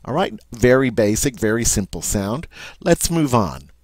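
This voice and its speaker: A man's voice: mid-range voice, very animated, normal speed, a little mellow, no echo. A man giving a patient language lesson, explaining sounds step by step and often checking in with "all right?". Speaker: French teacher.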